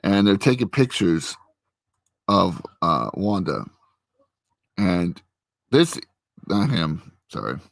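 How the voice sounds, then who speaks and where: A man's voice: low voice, big pitch swings, slow, gravelly, long pauses, dry recording. A man chatting casually at his computer, rambling through a recap with lots of fillers. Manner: rambling recap with many fillers and acted quotes. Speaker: vlogger recapping a TV episode. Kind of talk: casual chat. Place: at a computer with a friend.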